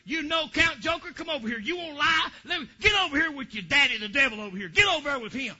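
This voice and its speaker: A man voicing God as a stern male figure who scolds and shouts at the stubborn, on a dull lo-fi recording. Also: extremely high pitch, animated, fast talker, pitched above the performer's own voice, full character voice. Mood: stern scolding.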